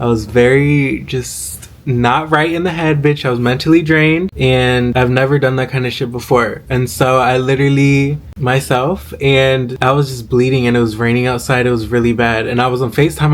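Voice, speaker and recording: A young man telling a personal story in a casual vlog, chatty and full of filler words and slang. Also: medium pitch. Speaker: vlogger.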